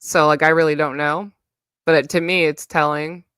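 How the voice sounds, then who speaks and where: A woman's voice: sits low, level tone, normal speed, fairly bright tone, smooth, no room sound, clean studio sound. A young woman with a New York accent, ranting bluntly and profanely in a rambling casual livestream. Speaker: live streamer.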